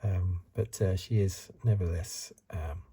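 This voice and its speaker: A middle-aged man hosting a soft-spoken ASMR card review, rambling in asides and drifting into whispers, recorded close to the mic. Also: deep voice, fairly even intonation, measured pace, husky. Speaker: ASMR channel host.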